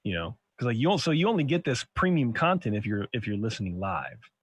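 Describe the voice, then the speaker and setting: A man's voice: mid-range voice, very animated, fast, husky, dull audio. A young adult man hosting a podcast, telling stories in a rambling, profane way full of restarts. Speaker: podcast host. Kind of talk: casual chat.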